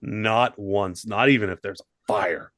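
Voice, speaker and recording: A man's voice: lowish voice, a little slow, a bit bright, no echo. A man co-hosting a casual comedy sports podcast, wry and casually profane. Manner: dry, wry, swears casually. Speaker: podcast co-host.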